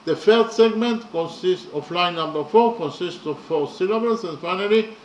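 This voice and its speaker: A man giving a slow, methodical lecture on poetry, pausing often with fillers as he counts through each line. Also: sits high. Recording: echoey room with faint ambient noise.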